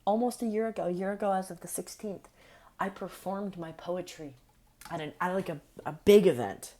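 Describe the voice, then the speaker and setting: A young woman talking casually and earnestly to camera, meandering through thoughts with fillers and soft laughs, in an affirming, spiritual way. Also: on the low side, moderate pace. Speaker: vlogger. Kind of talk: casual reflective monologue.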